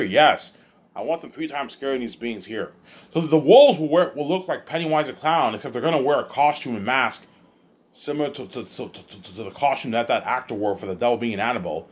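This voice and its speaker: A man's voice: medium pitch, lively intonation, fairly quick. Rambling young man vlogging. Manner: stumbles and repeats words, often asks whether the listener follows. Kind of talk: rambling casual monologue.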